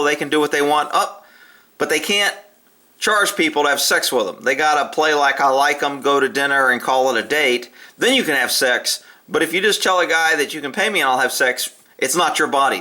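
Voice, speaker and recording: A man with a high, very sharp and tense voice rants casually to camera. He talks bluntly and swears freely, like a cop giving his take on a news story. He laughs often between his points. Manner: blunt, profane, frequent laughter. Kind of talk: casual opinion rant to camera.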